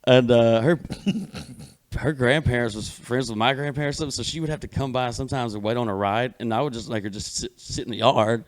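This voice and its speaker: A man's voice: mid-range voice, fairly even intonation, a little fast, no echo. Guy rambling thru a wild story, dry close sound. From Alabama. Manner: long rambling profane storytelling. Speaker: guest comedian. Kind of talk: casual podcast chat.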